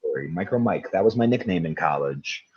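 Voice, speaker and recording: A young man spins absurd, crude stories with a deadpan edge. His low voice jumps around a lot in pitch, and the close mic sounds dry. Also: fairly quick, breathy edge, no room sound, highs cut off. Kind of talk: absurd comic storytelling.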